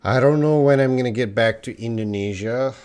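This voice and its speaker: Viewers' questions are read aloud and answered warmly by a young man teaching English on a live stream; he talks to them directly and repeats their names. His voice is mid-range, fairly quick, a little mellow, clear, and resonant.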